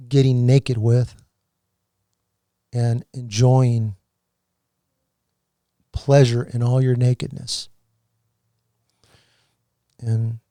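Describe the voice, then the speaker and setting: A man giving an emotional personal testimony as a podcast guest, earnest and halting, with many restarts. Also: mid-range voice, dark tone, no room sound, clean studio sound.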